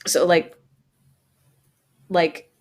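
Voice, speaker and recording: A woman co-hosting a podcast, reading out a local legend and breaking in with casual asides and fillers. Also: very slow. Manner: reads notes, then adds casual asides with fillers. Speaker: podcast co-host.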